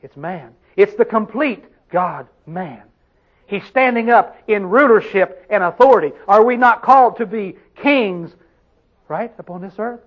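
A man's voice: high voice, animated, unhurried, muffled recording. A man preaching a sermon, emphatic, putting questions to his congregation and answering them himself.

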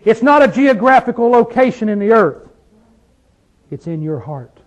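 A man teaching a Bible study like a sermon, fervent, firing rhetorical questions and dropping from loud to hushed. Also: sits high, very animated, moderate pace, low-quality recording.

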